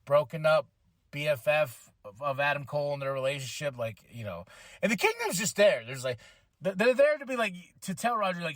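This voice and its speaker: A man hosting a podcast, recapping a wrestling show in casual chat, excitable and full of fillers, acting out what people said. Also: a little high, no room sound. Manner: excitable, acts out quotes with voices, many fillers. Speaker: podcast host.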